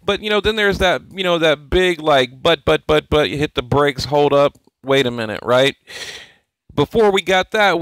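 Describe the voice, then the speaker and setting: A man hosting a boxing channel, talking in casual, animated commentary, laughing and repeating himself as he mimics others. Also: mid-range voice, smooth, dry recording, low-quality recording.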